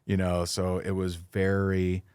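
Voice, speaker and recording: A man's voice: low voice, completely flat delivery, unhurried, darkish tone, clean tone, no room sound. A middle-aged man talking as a podcast guest, telling an earnest, emotional personal story with many fillers and restarts.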